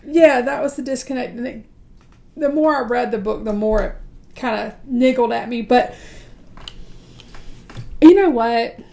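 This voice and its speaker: A woman's voice: fairly high pitch, unhurried, gravelly, pauses often, warm tone. Chatty American woman co-host. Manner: chatty, many fillers and restarts. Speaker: book podcast co-host. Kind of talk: casual chat.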